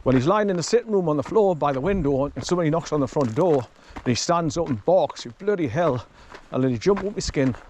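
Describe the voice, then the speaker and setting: A man in his sixties talking casually and rambling a bit while walking through quiet countryside. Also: fairly high pitch, animated, quick pace, hardly any pauses, a little hiss or hum. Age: 60s. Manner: rambling and chatty, swears casually. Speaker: vlogger.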